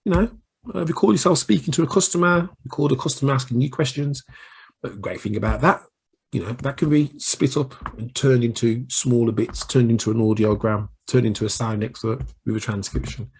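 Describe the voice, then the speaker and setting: A man's voice: medium pitch, a little fast, husky. A man with a Brummie accent giving a casual solo video training on marketing, chatty and rambling with self-deprecating asides. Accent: Birmingham English (Brummie). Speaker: small business marketing coach. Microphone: recording himself on camera.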